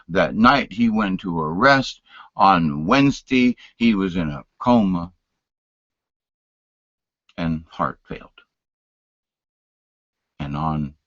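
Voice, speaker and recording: Animated man telling a personal story. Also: mid-range voice, no room sound. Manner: emotional and animated, jumps between loud and hushed. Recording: dull, dry lo-fi sound.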